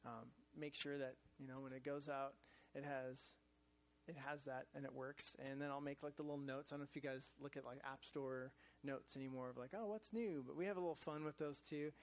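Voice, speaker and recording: A man's voice: medium pitch, level tone, fairly quick. A man telling a casual, rambling story to a church group, full of fillers and restarts. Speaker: church staff speaker sharing a devotional. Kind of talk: informal testimony talk to a group. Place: in front of a group, gadgets in hand.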